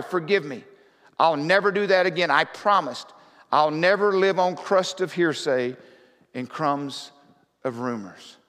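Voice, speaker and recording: A man preaching a conversational sermon as pastor, often rising to loud, fervent scripture reading. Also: sits high. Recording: reverberant hall.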